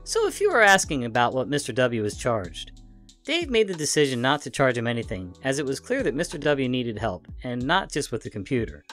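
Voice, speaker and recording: Lively male storyteller over music. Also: medium pitch, a little fast. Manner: lively, expressive, acts out the dialogue. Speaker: narrator. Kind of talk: reading internet stories aloud.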